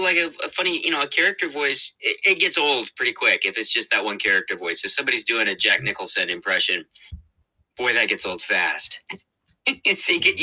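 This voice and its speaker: Bright, animated male voice actor. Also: medium pitch, low-quality recording. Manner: animated, laughs often, many fillers and restarts. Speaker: voice actor guest. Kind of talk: casual interview chat.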